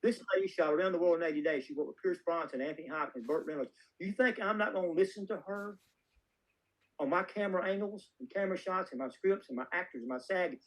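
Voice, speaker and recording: A man with a somewhat high voice, chatting as a guest filmmaker. He tells folksy, meandering stories, circling back and restarting his sentences. His delivery is loose and conversational. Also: fast talker, few pauses, low-quality recording. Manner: folksy, rambling anecdotes with many restarts. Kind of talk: casual interview storytelling.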